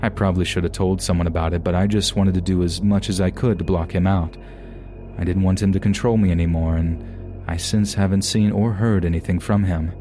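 A man narrating submitted true scary stories in a calm, measured storytelling manner. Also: deep voice, faint music behind. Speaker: podcast narrator.

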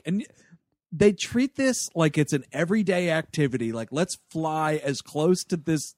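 A man co-hosting a casual movie-review podcast, animated and acting out the characters he quotes. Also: a little high, unhurried, no room sound, studio quality. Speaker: podcast co-host.

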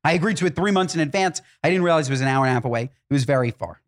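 A man co-hosts a podcast and tells his stories as animated rants. His pitch swings widely as he talks. The delivery is loose, casual and comic. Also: racing. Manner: animated storyteller, exaggerated rants. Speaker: podcast co-host. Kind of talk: casual comedic chat.

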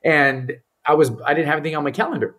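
A man, a mental performance coach and podcast guest, telling a story in an animated way and acting out the people he quotes. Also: fairly high pitch, fast talker.

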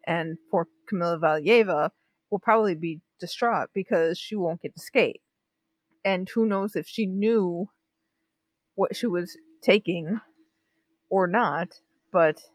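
A woman co-hosting a casual sports chat show, talking in an animated, indignant way with frequent restarts. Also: on the low side, no room sound. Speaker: podcast co-host. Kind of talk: casual chat about Olympic news.

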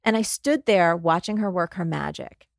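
A woman in her forties from New Jersey, a guest author and life coach, telling animated stories in an interview and acting out the voices in them. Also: lowish voice, moderate pace, creaky, dry recording, studio quality. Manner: lively, acts out voices in her anecdotes.

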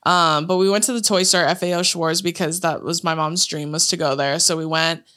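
A woman co-hosts a casual podcast, telling stories in an animated rush. She swears freely and laughs often. Her voice is bright and clear. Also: lowish voice, brisk. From Hawaii. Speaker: podcast co-host. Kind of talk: casual chat.

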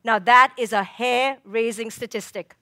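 A woman clinical psychologist giving a prepared talk on a conference stage, measured and emphatic, building her points in rhythmic lists. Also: a little high, fairly even intonation, pushed and bright. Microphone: stage microphone.

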